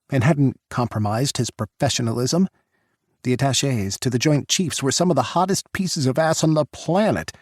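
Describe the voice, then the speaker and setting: A man's voice: mid-range voice, a little mellow, no echo, clean studio sound. A man narrating an audiobook in an intimate, introspective reading.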